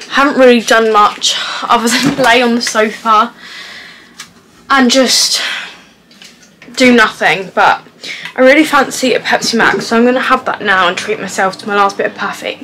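A woman's voice: a little high, normal speed, fairly bright tone, a little hiss or hum, poor audio. A young woman chatting casually to camera at home, rambling with lots of "like". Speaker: vlogger, mum. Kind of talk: casual vlog chat to camera. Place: at home, indoors.

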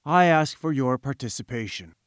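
A man's voice: medium pitch, expressive, moderate pace, no room sound, studio quality, close to an everyday voice. A man voicing a pompous, condescending professor who lectures in grand, patronizing tones, in an audiobook reading. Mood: pompous, lecturing. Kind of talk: audiobook character voice.

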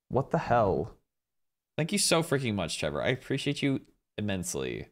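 A man chatting casually with viewers on a live stream from home, rambling and excitedly thanking people. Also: on the low side, moderate pace.

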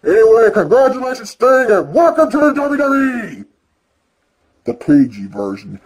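Male vlogger, high and wildly animated voice, profane excitable rant. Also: moderate pace, slightly rough. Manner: excitable, profane, swings between yelling and mumbling. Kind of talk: ranting video reaction.

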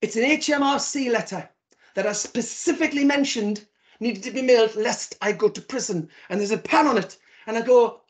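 Male keynote speaker, animated comic storyteller with a lively voice, on a video call. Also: very high-pitched, fairly quick. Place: virtual event.

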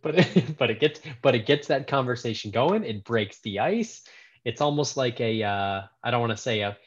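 A male interview guest with a husky voice, chatting in a relaxed, conversational way. His audio comes through dull and lo-fi, and he sits at an everyday middle pitch. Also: normal speed. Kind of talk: casual interview chat.

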